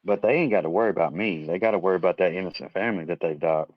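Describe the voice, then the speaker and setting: Male, heated rambling talker who swears freely, low voice, dry lo-fi audio. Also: rapid-fire, no echo. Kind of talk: casual chat.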